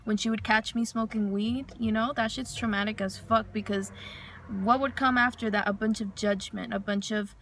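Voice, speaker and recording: A woman's voice: on the high side, steady tone, normal speed, a bit bright, slight background noise. Frank, rambling young woman venting in a car. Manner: frank, rambling, heavy swearing. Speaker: vlogger. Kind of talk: casual venting monologue. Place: inside a parked car.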